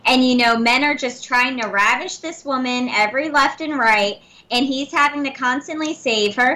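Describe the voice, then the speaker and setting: A young woman from Virginia co-hosting a call-in radio show. She has a soft, breathy voice and a chatty, self-deprecating manner. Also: high voice, moderate pace, few pauses, slight background noise. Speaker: radio co-host. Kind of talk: casual radio chat. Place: radio studio.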